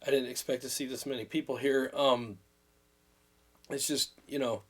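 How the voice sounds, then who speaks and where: A man's voice: medium pitch, steady tone, moderate pace, breathy edge. A man in his fifties chatting on a livestream, earnest and rambling, at times emotional as he thanks viewers. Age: 50s. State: recovering from illness, drained. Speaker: livestream host. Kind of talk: casual livestream chat.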